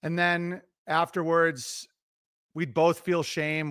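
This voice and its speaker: A middle-aged man talking loosely on a livestream, giving relationship advice in an animated, profane, self-interrupting ramble. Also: fairly high pitch, slow, smooth, no room sound, clean studio sound. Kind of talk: casual rambling monologue.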